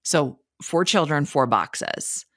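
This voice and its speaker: A woman's voice: low voice, lively intonation, slow pace, a bit bright, no echo, studio quality. A woman hosting a podcast, telling stories in a chatty, casual way and swearing freely. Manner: chatty storytelling with frequent swearing. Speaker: podcast host. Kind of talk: casual chat.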